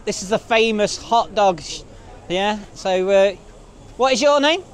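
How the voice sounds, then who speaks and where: A man's voice: high-pitched, a little slow, faint music behind. A man chatting casually to camera in a walking vlog outdoors, rambling with lots of fillers. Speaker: vlogger. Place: outdoors at a seaside resort street.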